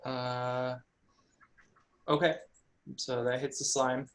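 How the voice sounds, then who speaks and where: A man's voice: medium pitch, flat delivery, slow pace. A man running a tabletop game as game master, patiently explaining the rules to the players.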